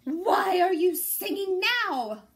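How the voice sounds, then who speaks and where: A woman's voice: high voice, unhurried, pitched above the performer's own voice. A woman voicing a cranky, bullying male mayor in a storybook read-aloud, growling and huffy.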